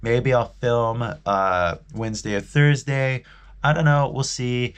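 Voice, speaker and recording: A man's voice: medium pitch, unhurried, smooth. Rambling Californian man on a live stream. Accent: Californian American English. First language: English. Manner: rambling, restarts often, friendly sign-off. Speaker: language teacher and live streamer. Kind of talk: casual live-stream chat.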